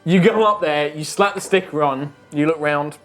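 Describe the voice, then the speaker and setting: A man's voice: a little high, normal speed, over music. A man narrating a tabletop game as game master, loose and full of fillers.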